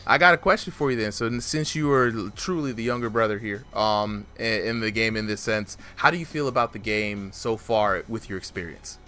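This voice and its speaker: A man hosting a casual stream interview, talking in an energetic, slangy way. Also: fairly low pitch, brisk, few pauses. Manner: energetic, slangy, says "bro" a lot. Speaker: host.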